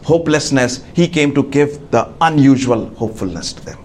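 A man preaching a sermon to a congregation, halting with many fillers and restarts. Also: medium pitch, darkish tone, a little hiss or hum. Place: church.

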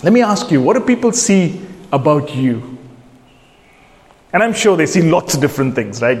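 A man's voice: on the high side, a little mellow. A man preaching a sermon, earnestly putting questions straight to his listeners. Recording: long hall reverb.

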